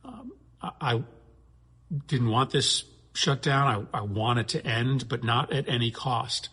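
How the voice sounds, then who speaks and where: A male senator in an interview clip, speaking in a halting, measured, earnest way. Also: mid-range voice, expressive, a bit bright, slightly rough.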